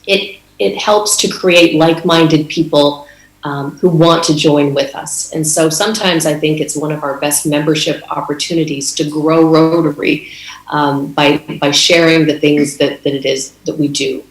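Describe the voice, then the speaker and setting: A woman's voice: deep voice, steady tone, normal speed, echoey room, low-quality recording. A middle-aged woman from Canada telling a story in an earnest conference speech, with fillers and restarts. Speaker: conference speaker.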